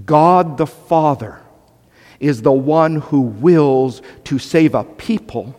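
A male pastor delivers a sermon with emphatic, conversational energy, breaking into asides to his listeners. His voice sits a little high for a man. The sound carries the long reverb of a church sanctuary. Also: slow pace, a little mellow.

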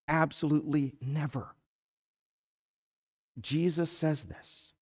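A man preaching a sermon as pastor, slow and emphatic, building to fervent peaks. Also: a little high, darkish tone, breathy edge. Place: church sanctuary. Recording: long hall reverb.

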